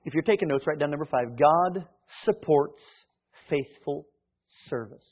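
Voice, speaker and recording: A man preaching a sermon, reading scripture and telling a Bible story with animated acted voices. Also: on the high side, a little slow, husky. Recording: tinny phone-like sound.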